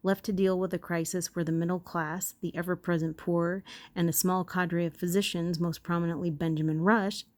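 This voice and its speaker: A woman with a fairly low voice reads history aloud and keeps breaking off to make playful asides. She stumbles, corrects herself and comments on what she reads. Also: level tone, normal speed, a little mellow. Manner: playful, self-interrupting, reacts to the text. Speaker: video host.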